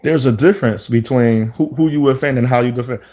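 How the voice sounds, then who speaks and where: A man's voice: medium pitch, fairly quick, warm tone. Preachy man talking with emphatic repetition. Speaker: speaker giving commentary. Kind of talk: impassioned monologue.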